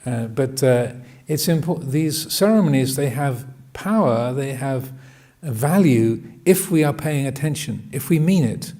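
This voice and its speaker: A man giving a Buddhist dharma talk, hesitant and full of restarts, often laughing gently. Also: mid-range voice, lively intonation, measured pace, few pauses. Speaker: Buddhist monk teaching.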